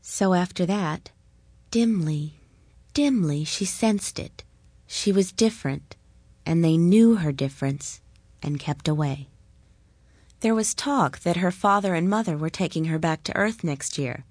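A woman reads a story aloud in a calm, deliberate voice, taking her time over every line. Her pitch sits slightly low and the recording is close and dry. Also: slightly rough, no echo. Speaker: narrator.

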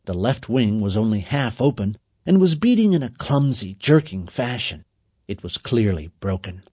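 Expressive husky male storyteller. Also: fairly low pitch, no room sound, clean studio sound. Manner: expressive, measured. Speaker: narrator. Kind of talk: storybook reading.

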